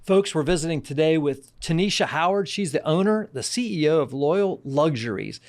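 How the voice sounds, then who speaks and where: A man hosting a podcast interview, encouraging his guest with quick affirmations. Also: a little high, animated, music in the background. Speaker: podcast host. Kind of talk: casual interview chat.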